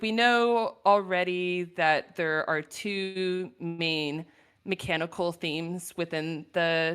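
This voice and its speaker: Woman guest on a casual stream, lowish voice, thoughtful, lots of ums and laughs. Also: fairly bright tone, clear, resonant tone. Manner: thoughtful, laughs often, many "um"s. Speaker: guest artist. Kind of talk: casual livestream chat.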